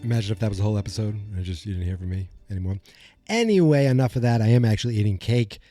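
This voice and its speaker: Mellow, self-mocking podcast host man. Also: fairly low pitch, lively intonation, rapid-fire, soft background music. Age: 40s. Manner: rambling, self-deprecating, mock-dramatic. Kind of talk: comedic solo podcast monologue.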